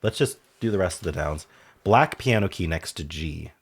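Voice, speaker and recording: A man's voice: deep voice, animated, normal speed, vocal fry, breathy edge. A man with a sore throat thinking aloud as he solves word puzzles, musing half to himself and trailing off. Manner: muses half to himself, trails off, sudden brighter asides. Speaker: puzzle game streamer. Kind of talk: casual thinking aloud while solving puzzles.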